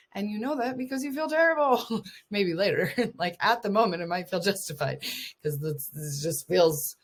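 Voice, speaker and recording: Husky low-voiced woman life coach. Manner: earnest, encouraging, laughs often. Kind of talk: casual coaching talk to mothers.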